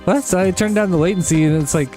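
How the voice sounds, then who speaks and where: A young man hosting a gaming channel, telling long rambling stories and swearing casually while he plays, with quick jumps in pitch when he imitates people. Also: mellow, soft background music. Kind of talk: casual let's-play chat while gaming.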